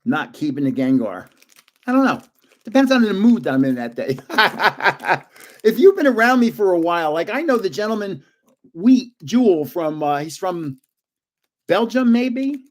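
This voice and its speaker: An older man hosts a casual live card-opening stream, talking to himself as he flips through packs. His voice sits a little high and swings widely whenever a card excites him. He chats loosely and laughs often. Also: moderate pace. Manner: excitable, chatty, guessing aloud with frequent laughs.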